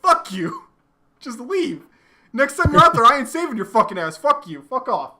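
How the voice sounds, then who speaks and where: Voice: high voice, sing-song, a little fast, bright, forceful tone, pitched above the performer's own voice, heavily acted. A podcaster voicing a furious, betrayed fighter who swears at their comrades in a spiteful rant. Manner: profane, spiteful ranting.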